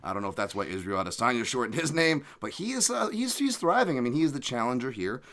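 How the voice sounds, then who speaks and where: A man's voice: mid-range voice, big pitch swings, fast talker, a bit bright. A man hosting a podcast, rambling casually with jokes and profane asides. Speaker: podcast host.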